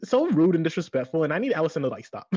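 Sassy, husky-voiced podcast co-host. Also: medium pitch, big pitch swings, fast, a little mellow, no echo, highs cut off. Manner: laughs often, sassy and blunt. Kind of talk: casual recap chat.

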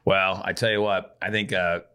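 A man's voice: low-pitched, level tone, normal speed, sharp tone, clean tone. A man who is a guest on a podcast, chatting casually and agreeably. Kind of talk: casual chat.

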